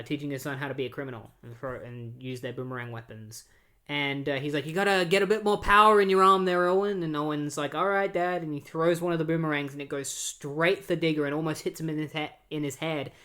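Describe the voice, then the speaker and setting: A man retelling a comic book story in a casual, loose way, with many fillers and restarts. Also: on the high side. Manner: filler-heavy, loose recap.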